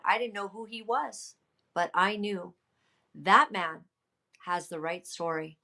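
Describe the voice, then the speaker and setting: A woman, a political candidate and podcast guest, retelling events in an emphatic, lively way with many fillers. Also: fairly low pitch. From Canada. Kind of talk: storytelling in a casual interview.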